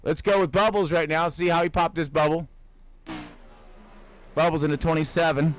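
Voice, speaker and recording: A man giving casual, jokey sim racing commentary who gets excitable and shouts when cars crash. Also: a little high, normal speed, rough recording. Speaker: race commentator.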